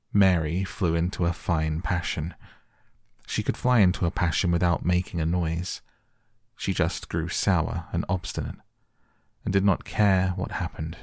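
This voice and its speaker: A man reading a storybook aloud softly at bedtime, gentle and unhurried. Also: low voice, level tone, vocal fry, no room sound, clean studio sound. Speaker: audiobook narrator.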